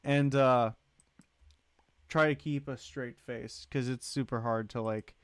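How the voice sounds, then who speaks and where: A man's voice: medium pitch, fairly even intonation, takes it slowly, clean tone, dry recording. A man hosting a livestream, chatting casually in a rambling way and greeting and thanking viewers in the chat. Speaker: livestream host.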